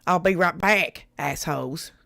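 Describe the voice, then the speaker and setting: A woman's voice: on the low side, unhurried, creaky, pushed and bright, no echo, clean studio sound. A woman with a rural Southern US accent, talking bluntly to her chat on a live reaction stream, swearing freely and laughing often.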